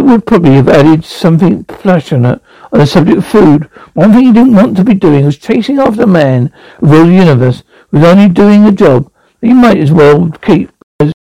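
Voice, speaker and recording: A man's voice: high-pitched, vocal fry, dark tone, no room sound, rough recording. A man reading a novel aloud as an amateur audiobook, often stumbling and repeating words. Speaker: reader.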